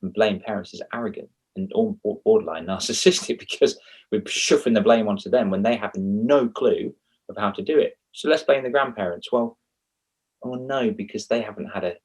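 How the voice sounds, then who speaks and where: Male guest, kids' confidence coach, husky and lowish, rambling and animated in casual chat. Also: moderate pace. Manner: animated and rambling, with self-mocking asides.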